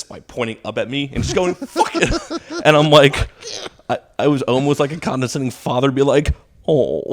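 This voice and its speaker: A man in his thirties, a stand-up comic and drama teacher, telling stories casually and acting out quotes in a higher pitch. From Houston, Texas. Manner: animated storytelling, acting out quotes with a jump in pitch. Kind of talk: casual storytelling.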